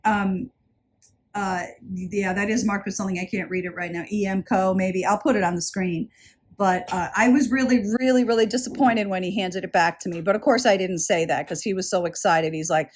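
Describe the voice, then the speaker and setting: A woman vlogging a casual haul video about jewelry she bought, chatty and enthusiastic, often repeating words for emphasis. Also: mid-range voice. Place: indoors, traveling.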